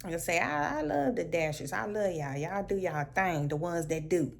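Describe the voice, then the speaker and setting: A woman telling a casual storytime vlog at home, animated and sassy, laughing often. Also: lowish voice, moderate pace, gravelly. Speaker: vlogger.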